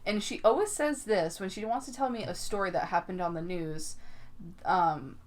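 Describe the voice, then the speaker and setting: A woman's voice: medium pitch, normal speed. A young woman co-hosting a casual podcast, telling stories with lots of swearing and laughter. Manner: animated storytelling, swears freely, laughs often. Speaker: podcast co-host. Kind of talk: casual chat. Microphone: podcast microphone.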